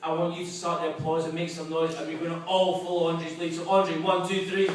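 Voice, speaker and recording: Male compere, introducing the act, flat even delivery, echoey room heard from afar. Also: a little high, fairly quick. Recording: echoey club from far off.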